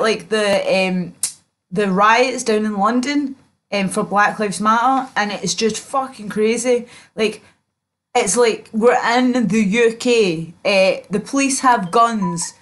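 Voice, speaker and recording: A woman's voice: mid-range voice, measured pace, fairly bright tone. Rambling sweary young woman livestreamer. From Scotland. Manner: rambling, sweary, talks to chat viewers. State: sore back, just out of the shower. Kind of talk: casual livestream chat.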